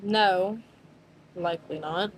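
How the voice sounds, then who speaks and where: A woman's voice: lowish voice, slow pace. A reluctant man dodges hard questions and begs to drop the subject, as a woman plays him. There is faint noise behind the voice. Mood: evasive. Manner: evasive, pleading. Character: evasive man, Cyrus.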